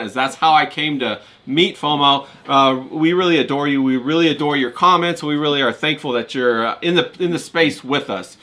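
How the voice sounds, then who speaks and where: A man's voice: medium pitch, pushed and bright. A man hosting a casual stream, hyped and profane, thanking guests with lots of "uh" fillers. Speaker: stream host.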